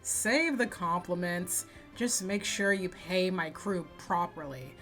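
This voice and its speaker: A woman voicing a bold, swaggering female ship captain in a game, in a brash, slightly raised, louder voice. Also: fairly low pitch, expressive, slow pace, faint music behind.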